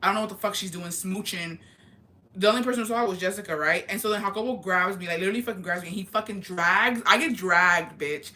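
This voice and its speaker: A young woman telling a gossip story on her vlog, animated and full of profanity. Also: mid-range voice, quick pace. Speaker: vlogger.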